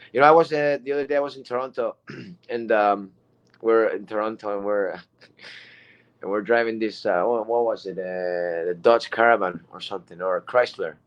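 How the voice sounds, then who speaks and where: A man giving a rambling, emphatic motivational talk as a guest speaker, repeating himself often. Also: mid-range voice.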